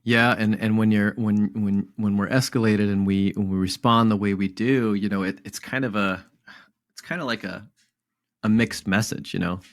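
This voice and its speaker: A man co-hosting a parenting podcast, speaking in a measured, reflective way and often restarting his phrases. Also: fairly low pitch, steady tone, no room sound, studio quality. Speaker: podcast co-host. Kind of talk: casual conversation.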